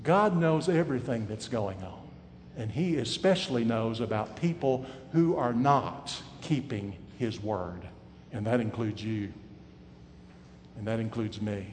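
A man preaching a sermon, his voice swinging from loud and emphatic to quiet and hushed. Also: on the low side, lively intonation, a little slow, in a large hall, slight background noise.

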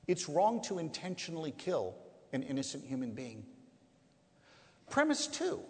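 A man preaching to a live audience, emphatic, leaning on rhetorical questions and stretching key words for weight. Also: fairly high pitch. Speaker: pro-life speaker. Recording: echoey hall, long reverb.

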